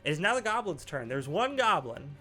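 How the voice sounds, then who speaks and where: Brief: easygoing male game master, laughs often, soft music behind. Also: a little high, brisk. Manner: relaxed, laughing, many fillers. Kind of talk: narrating a tabletop game. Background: faint background music.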